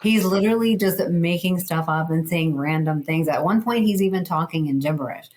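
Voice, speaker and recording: A woman with a notably low voice talks through her ideas with lively emphasis, dropping a lot of "like" as she goes. It is a relaxed interview conversation, with a faint hiss of noise underneath. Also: brisk, rough recording. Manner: animated, emphatic explainer, frequent "like". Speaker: guest, communication educator.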